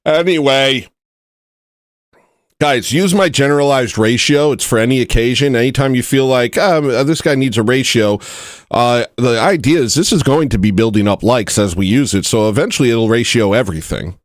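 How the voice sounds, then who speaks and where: A man's voice: mid-range voice, moderate pace, no echo, clean studio sound. A man hosting a casual livestream chat, rambling and joking at his own expense. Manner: rambling, joking, self-mocking. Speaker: livestream host.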